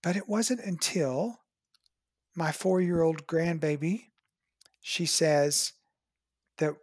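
A dentist guest telling a patient story, acting out both sides of the talk with lively pitch jumps. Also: takes it slowly, long pauses, no echo, studio quality. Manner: animated, acts out patient dialogue with big pitch jumps. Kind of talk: storytelling in an interview.

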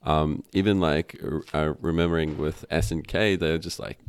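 A man talks as a podcast guest, rambling loosely and restarting his sentences. His voice is smooth and resonant, and the recording sounds dry and close. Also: extremely low pitch, fairly even intonation, normal speed, few pauses, dry recording. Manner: rambling, with many fillers and restarts. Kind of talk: casual conversation.

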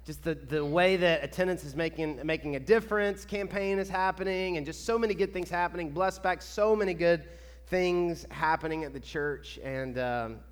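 An upbeat male pastor, fairly high-voiced, talks to his congregation in a loose, excitable way. His voice rings out through a big reverberant church hall. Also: normal speed, clean tone. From Kentucky. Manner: excitable, chatty, enthusiastic. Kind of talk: church announcements before a sermon. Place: church sanctuary.

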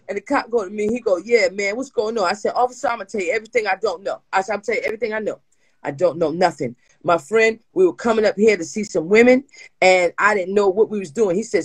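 Husky-voiced animated woman storyteller. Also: medium pitch, rough recording. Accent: New Jersey. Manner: animated, acts out voices, laughs often. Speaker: co-host. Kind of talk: storytelling chat, comic crime anecdote.

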